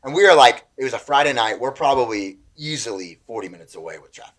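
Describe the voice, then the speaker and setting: Animated man telling a story. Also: medium pitch, quick pace. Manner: animated, excitable storyteller who acts out voices. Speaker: pastor and podcast guest. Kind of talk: casual storytelling.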